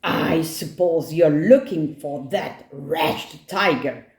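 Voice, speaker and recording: A woman voicing a grumpy, lonely polar bear in a storybook, gruff and mournful. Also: sits low, slow, roomy sound. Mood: gloomy.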